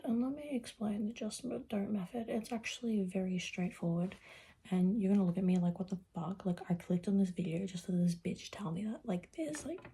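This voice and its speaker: Young woman vlogger rambling to camera, really husky breathy voice, swears a lot, slips into whispers. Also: medium pitch, warm tone. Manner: rambling and profane, drifts into whispers. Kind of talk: casual chat to camera.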